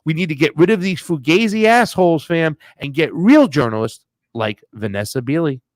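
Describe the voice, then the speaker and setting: A man's voice: on the high side, lively intonation, moderate pace, dry recording. A man co-hosting a casual political chat show, blunt and heated, talking in loose slang. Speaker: co-host.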